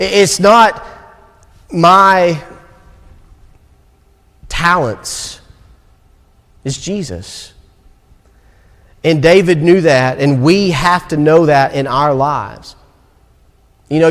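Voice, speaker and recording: A young man with a Southern American accent preaching a sermon in a church sanctuary, moving between quick asides and slow, stressed phrases. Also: on the high side. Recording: long reverb of a church hall.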